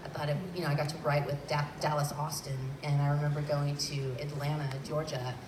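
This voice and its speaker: A woman's voice: low voice, flat delivery, fairly quick. A woman musician from Southern California chatting as an interview guest, rambling with many restarts and fillers. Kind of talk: casual interview chat. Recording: roomy, distant mic, crowd and noise.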